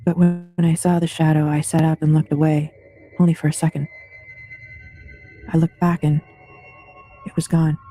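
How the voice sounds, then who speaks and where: A man hosting an open panel, reading listeners' true ghost stories aloud in a steady, even storytelling delivery. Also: a little high. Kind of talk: scripted true-story narration.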